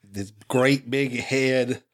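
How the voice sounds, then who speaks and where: Slow-talking crude joking man. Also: medium pitch, fairly even intonation. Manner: crude joking, hesitant fillers. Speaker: podcast co-host. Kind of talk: casual chat.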